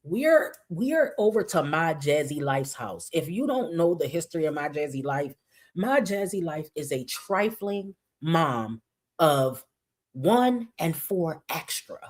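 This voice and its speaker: A woman's voice: low-pitched, very animated, takes it slowly. A woman hosting a reaction vlog, blunt, profane and sassy, leaning on catchphrases. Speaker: reaction channel host.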